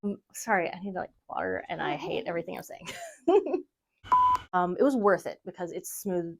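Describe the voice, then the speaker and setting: A woman's voice: lowish voice, sing-song, normal speed, creaky, a little mellow. A woman giving a casual tour of her home sewing studio, rambling, self-deprecating and laughing often. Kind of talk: casual chat.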